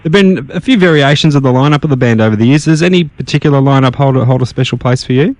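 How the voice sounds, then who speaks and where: Aussie radio host, mid voice, short questions w little stumbles, dry studio sound. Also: male voice, mid-range voice, racing, a little mellow, no echo. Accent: Australian. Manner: plain, brief questions with small stumbles. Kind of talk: radio interview.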